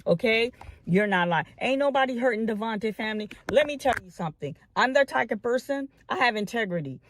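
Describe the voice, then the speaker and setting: A woman's voice: a little high, lively intonation, a little fast, a little hiss or hum. A woman commentator making an impassioned address to her online followers, repeating phrases and stalling on long "um" fillers. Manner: addresses the audience as family.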